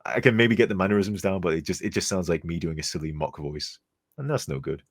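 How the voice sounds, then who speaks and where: A man's voice: low-pitched, expressive, quick pace. A tired man streaming as a game modder, rambling and chuckling as he reads chat aloud, sometimes turned away from his desk mic. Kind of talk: casual live-stream chat.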